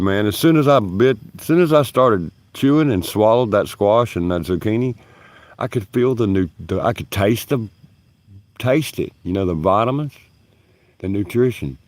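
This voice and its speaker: A union stagehand hosts a livestream from his backyard, rambling through stories while swearing and laughing, his phone camera set down nearby. His voice is lowish and darkish in tone, with lively intonation, normal speed, and a profane, drawling manner. There's no echo.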